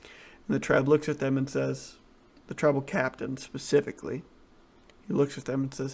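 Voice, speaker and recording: A man's voice: mid-range voice, completely flat delivery, normal speed, vocal fry, pauses often, a little mellow, slightly rough. A man co-hosting a casual podcast, rambling through crude jokes with lots of restarts. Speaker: podcast co-host. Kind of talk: casual chat, crude joke telling.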